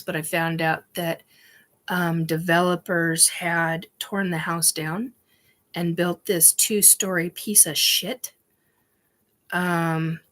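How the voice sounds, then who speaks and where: A woman hosting a show, with a fairly low-pitched, fairly bright voice, tells a personal story in a rambling, emphatic way. She uses many ums and restarts and swears casually.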